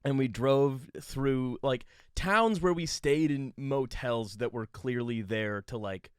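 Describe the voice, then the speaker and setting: A man from Canada, a comedy podcast co-host, telling a rambling story with halting restarts and frequent laughs. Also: mid-range voice, smooth, no echo, clean studio sound. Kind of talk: casual comedic chat.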